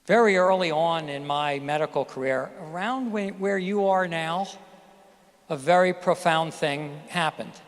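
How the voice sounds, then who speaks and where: A middle-aged physician giving a graduation speech, telling a personal story in a candid, emphatic way. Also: male voice, on the high side, measured pace. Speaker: commencement speaker, physician. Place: graduation ceremony hall. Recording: hall reverb from a ceremony venue.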